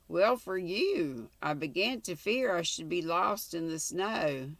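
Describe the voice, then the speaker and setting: An older woman voicing a determined young male traveler lost in the snow, speaking earnestly and briskly. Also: on the low side, lively intonation, a bit bright, no echo, full character voice.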